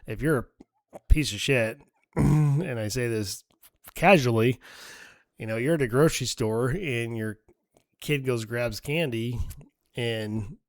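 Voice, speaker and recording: A man's voice: medium pitch, takes it slowly, pauses often, no room sound, studio quality. A man in his forties co-hosting a casual chat, a blunt and profane storyteller. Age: 40s. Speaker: podcast co-host.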